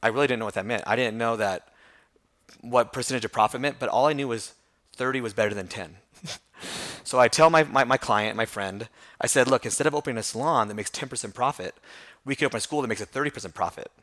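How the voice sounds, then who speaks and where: A man in an interview, a hair school franchise owner telling his story with self-deprecating humor. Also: mid-range voice. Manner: fast, animated storytelling with self-deprecating laughs.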